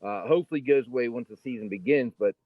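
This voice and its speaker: A man co-hosting a sports podcast, speaking in a measured, emphatic way. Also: mid-range voice, phone-quality sound. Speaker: podcast co-host. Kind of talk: casual sports chat.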